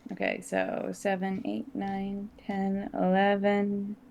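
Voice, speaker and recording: A woman playing a tabletop game, chatting casually and reacting quickly. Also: medium pitch, completely flat delivery, creaky, a little mellow, highs cut off, slight background noise. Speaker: player.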